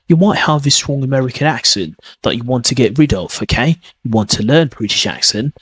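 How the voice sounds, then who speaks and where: A man's voice: mid-range voice, a bit bright, breathy edge, no room sound. A man giving a podcast lesson on pronunciation, often restarting and checking in with "okay?". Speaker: pronunciation teacher.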